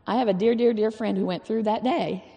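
A woman's voice: medium pitch, brisk, mellow, big-room sound, dull audio. A woman giving an informal, earnest sermon in a folksy way, repeating phrases for emphasis. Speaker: church speaker.

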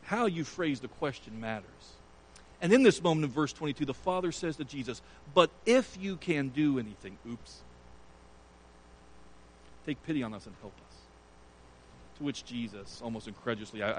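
A man's voice: medium pitch, animated, fairly quick, long pauses, a little hiss or hum, rough recording. A man preaching a sermon, retelling a scripture story with earnest emphasis. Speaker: pastor.

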